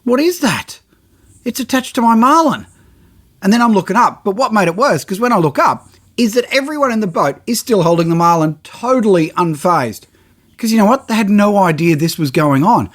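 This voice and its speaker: A middle-aged man hosting a podcast, telling a story with lively energy and acting out his own reactions and the quotes of others. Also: high voice, a little fast. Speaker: podcast host, photographer. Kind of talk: animated storytelling.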